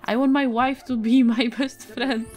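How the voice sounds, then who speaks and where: A Czech-accented woman giving casual let's-play commentary, excitable, swearing and yelping at the game. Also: a little high, moderate pace. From Czech Republic. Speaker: gaming video creator.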